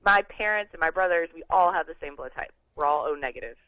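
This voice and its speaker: A woman's voice: deep voice, expressive, quick pace, dry recording, dull audio. A woman, co-hosting a casual morning radio show with friendly, easygoing talk. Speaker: radio co-host. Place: radio studio.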